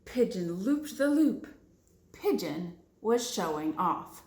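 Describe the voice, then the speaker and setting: Slow, gentle storytime librarian. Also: female voice, mid-range voice, reverberant, a little hiss or hum. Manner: gentle, animated asides to children. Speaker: children's librarian. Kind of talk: storytime read-aloud for preschoolers.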